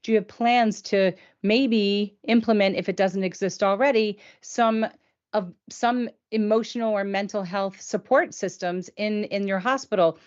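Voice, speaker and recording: A woman's voice: medium pitch, fairly even intonation, unhurried, lo-fi sound. A woman hosting a live Q&A, asking long, chatty questions about patient care. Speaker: host. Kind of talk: live Q&A interview.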